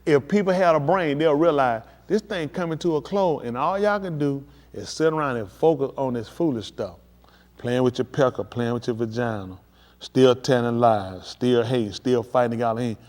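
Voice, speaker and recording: A man preaching on a livestream, emphatic and addressing his listeners directly, building to excited peaks. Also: mid-range voice, moderate pace. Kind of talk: livestream preaching on world events.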